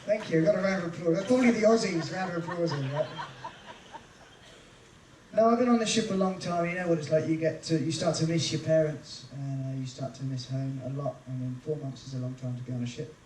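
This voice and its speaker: A cruise ship entertainer on a live stage, bantering and teasing the crowd with self-mocking jokes. His high voice carries through an echoey room, picked up from some way off the mic with the band close by. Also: a little fast, recorded from a distance, background noise. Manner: chatty, self-mocking jokes between songs.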